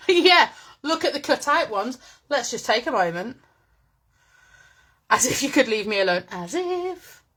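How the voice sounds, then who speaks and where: A woman's voice: fairly high pitch, lively intonation, measured pace, long pauses, fairly bright tone, slightly rough. A woman hosting a chatty live-stream craft demo from home, bubbly and greeting viewers by name, talking into a phone. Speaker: craft presenter. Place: at home with her dogs.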